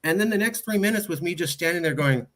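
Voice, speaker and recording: A man's voice: sits high, fast. A man interviewing a guest in casual conversation, telling anecdotes and acting out what people said. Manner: storytelling, animated with quoted voices.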